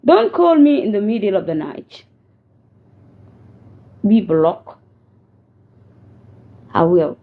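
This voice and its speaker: A woman's voice: mid-range voice, big pitch swings, takes it slowly, pauses often. A woman from South Sudan giving a scolding message direct to camera, mixing languages and warning her listener. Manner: scolding, warning, code-switching. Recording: tinny phone-like audio.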